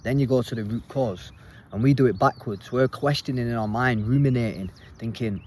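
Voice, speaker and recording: A man's voice: mid-range voice, brisk, darkish tone, a little hiss or hum. A man giving a casual, earnest self-help talk as a coach, plain-spoken and repeating his points.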